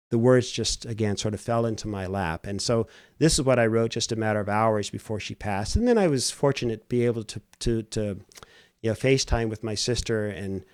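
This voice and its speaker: Low-voiced middle-aged man, halting reflections. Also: dry recording, clean studio sound. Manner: halting and soft-spoken, with frequent restarts. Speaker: host. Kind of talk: reflective solo commentary.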